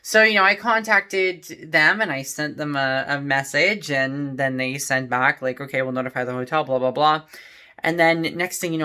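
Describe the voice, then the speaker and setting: A man's voice: medium pitch, pushed and bright. A young man telling a rambling story in a casual vlog, full of "like" and "you know". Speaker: vlogger.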